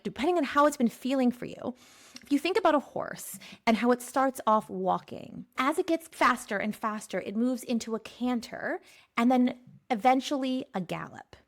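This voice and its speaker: A woman from Pennsylvania hosts a spiritual forecast podcast in a slightly high voice. She talks playfully, laughs often and slows down to stretch out her key phrases. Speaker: podcast host. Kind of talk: spiritual energy forecast monologue.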